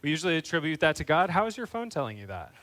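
A man delivers a sermon from the pulpit in a somewhat raised, higher-pitched voice. He talks earnestly and then climbs into fervent, pressing questions. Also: very animated, racing, fairly bright tone, rough recording. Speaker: pastor.

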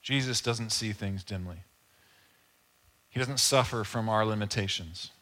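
A man preaching a sermon in a conversational, casual way, with asides and quick acted-out quotes. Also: lowish voice, a bit bright. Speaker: pastor.

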